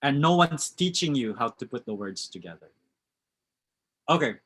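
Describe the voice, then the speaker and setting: A man's voice: medium pitch, sing-song, moderate pace, fairly bright tone. A man with a West Coast American accent teaching a live online English class, reading out chat answers and commenting on them.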